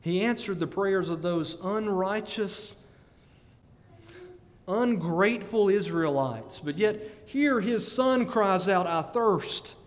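A man preaching a sermon, animated and often breaking into laughter between emphatic peaks. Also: sits high, slow pace. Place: church sanctuary. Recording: long church reverb.

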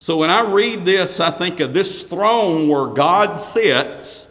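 A man preaching a sermon. He reads scripture aloud in a raised voice, then explains it slowly. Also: on the high side, fairly bright tone, in a large hall.

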